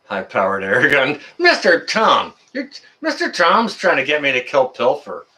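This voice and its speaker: A man hosting a live stream, chatting casually with viewers in a rambling, excitable, jokey way. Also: fairly high pitch, a little slow. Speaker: livestream host answering chat.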